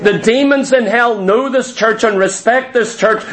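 A man's voice: extremely high pitch, measured pace, a bit bright. A man preaching a sermon emphatically, acting out the voices he quotes. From Ireland. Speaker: pastor.

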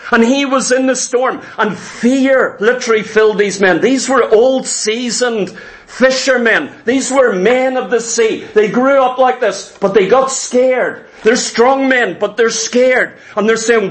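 A man's voice: very high voice, measured pace. A male preacher giving an emphatic sermon, telling stories and driving his points home with repeated phrases.

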